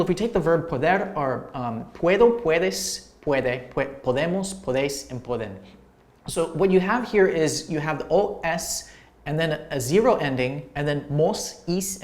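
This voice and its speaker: A man teaching language grammar to viewers, talking in a relaxed, explanatory way with many fillers and restarts. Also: a little high.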